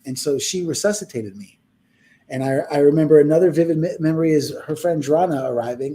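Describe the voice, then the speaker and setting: A man's voice: on the high side, fairly even intonation, brisk, mellow. A young man telling a personal story in a casual podcast chat, rambling and heartfelt, acting out the people he quotes.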